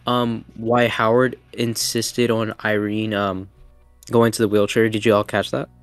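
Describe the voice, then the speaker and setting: A man with a fairly low voice chats casually on a podcast. His talk is loose and full of fillers. The sound is dry and close, with faint music behind. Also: level tone, a little slow, smooth, no echo. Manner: chatty, filler-heavy, laughs easily. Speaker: podcast co-host. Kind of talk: casual chat.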